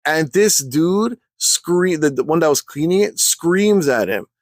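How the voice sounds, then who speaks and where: A man telling a story in a casual rant for his vlog, heated and full of slang, clearly fed up. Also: a little high, expressive, a little slow, no echo. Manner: heated, slangy, exasperated ranting.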